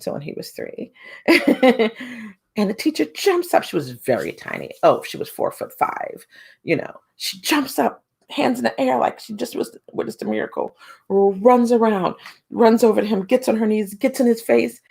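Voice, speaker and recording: A woman in her forties, a homeschooling mom, telling a personal story to camera in a casual, animated way and acting out what people said. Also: normal speed, creaky, husky. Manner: animated, acts out quotes with big pitch jumps.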